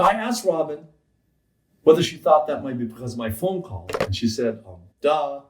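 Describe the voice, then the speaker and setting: A man telling a comic story with playful, wry timing. His pitch sits a little high and swings a lot. He sounds set back from the mic in a roomy space, with faint music underneath. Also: a little mellow, recorded from a distance. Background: faint background music.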